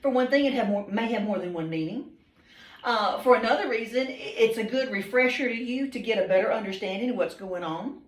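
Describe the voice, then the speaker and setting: A woman's voice: a little high, fairly quick. A woman teacher, patiently questioning students by name in a classroom, with frequent ums. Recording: roomy classroom, mic far off.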